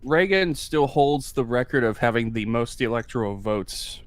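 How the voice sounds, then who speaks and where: A man's voice: medium pitch, animated, moderate pace, no room sound. A man co-hosting a casual political chat, hedging his points and chuckling often. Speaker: co-host.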